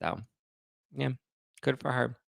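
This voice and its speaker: A young adult man hosting a pop culture show, chatting casually in a gossipy, animated way and swearing now and then. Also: medium pitch, slow, vocal fry, no echo. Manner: gossipy, animated, sweary, acts out others' voices. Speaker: pop culture podcast host. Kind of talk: casual chat to camera.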